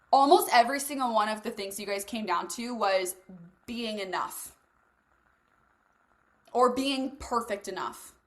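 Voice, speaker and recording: A young woman leads a motivational group session in a high, bright voice. She talks casually and bluntly, drops swear words without fuss and speaks straight to her listeners like friends. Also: unhurried, long pauses. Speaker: host leading a live masterclass. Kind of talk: motivational coaching talk.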